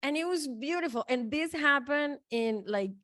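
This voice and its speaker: A woman's voice: high voice, lively intonation, moderate pace, a bit bright, no room sound, clean studio sound. A woman guest telling a personal story in a loose, chatty way, full of restarts and "like". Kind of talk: casual storytelling.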